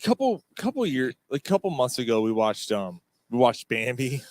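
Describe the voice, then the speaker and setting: A man's voice: mid-range voice, moderate pace. A man co-hosting a casual, crude sports pub podcast, telling stories with lots of swearing and acted-out screams. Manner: animated storyteller, swears a lot, acts out screams. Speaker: podcast co-host. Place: bar or pub studio.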